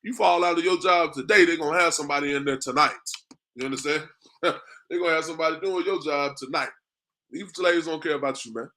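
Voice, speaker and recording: A man's voice: on the high side, a little fast, bright, forceful tone. A man teaching a class in a preaching style, firing rhetorical questions at his listeners and calling them "man" over and over, with frequent chuckles. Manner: chuckles often while talking. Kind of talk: street-preaching class lecture.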